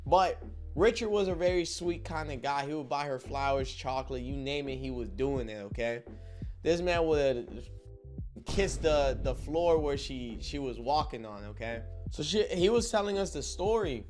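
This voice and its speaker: A young man telling a story in a casual vlog, animated and full of slang, often turning to his listeners to check they are with him. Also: mid-range voice, moderate pace, faint music behind.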